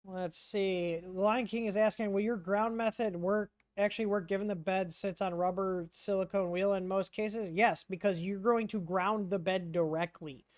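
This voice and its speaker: A man's voice: high-pitched, steady tone, moderate pace, hardly any pauses, dry recording. Guy rambling thru chat questions on his stream, lots of ums, dry close sound. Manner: rambling, chatty, reads out chat messages, frequent ums. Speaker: livestream host answering chat questions. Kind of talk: casual livestream Q&A.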